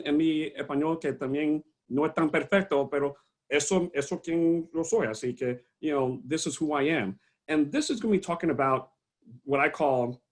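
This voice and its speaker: A middle-aged man giving a halting talk with many fillers and restarts, speaking on a video call. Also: fairly high pitch. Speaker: panel speaker. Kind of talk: online panel talk.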